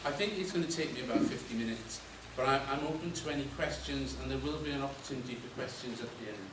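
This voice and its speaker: A man introducing himself as a welfare director and opening an informal presentation, relaxed and hesitant. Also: mid-range voice, quick pace. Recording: roomy hall from far off, noisy.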